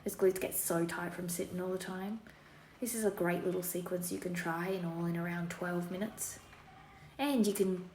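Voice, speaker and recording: A woman yoga teacher guiding a class in a playful put-on Australian accent, relaxed and encouraging with lots of slang. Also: lowish voice. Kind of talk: guided yoga class instruction. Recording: roomy echo, faint room hiss.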